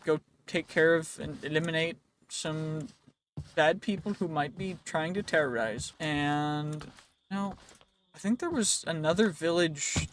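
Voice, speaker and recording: A man's voice: a little high, a little hiss or hum. A man hosting a let's play, talking to himself in a rambling, playful way as he goes, his voice a bit worn. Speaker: gaming channel host.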